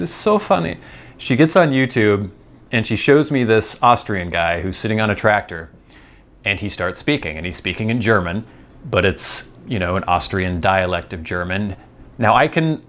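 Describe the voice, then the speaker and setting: Here a vlog host from the United States talks casually, wandering from thought to thought and poking fun at himself. His pitch sits fairly low, and his tone is fairly bright.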